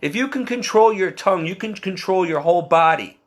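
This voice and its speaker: A Catholic layman gives his testimony in a high, slightly quick voice, earnestly recounting his faith story. He pokes fun at himself and laughs often, quoting himself and others in animated bursts.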